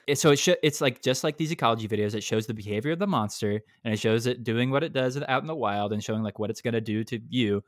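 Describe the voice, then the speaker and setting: A man's voice: mid-range voice, fast talker, few pauses, dry recording. Ranting man on a dry podcast mic. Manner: animated, ranting, lots of restarts. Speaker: podcast co-host. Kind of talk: casual gaming podcast chat.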